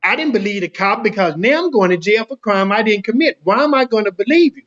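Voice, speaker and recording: A man's voice: sits high, quick pace, dull audio. A middle-aged man from Dallas tells his own story in a casual interview, acting out the voices of the people in it. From Dallas, Texas. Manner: animated storyteller acting out quoted dialogue.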